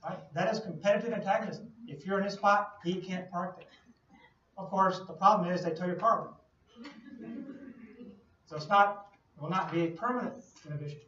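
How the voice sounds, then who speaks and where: Talking fast in a high, sharp voice, a man lectures a class in a lecture hall, using playful everyday analogies and putting questions to the students. It's captured in a distant, echoey, lo-fi classroom recording.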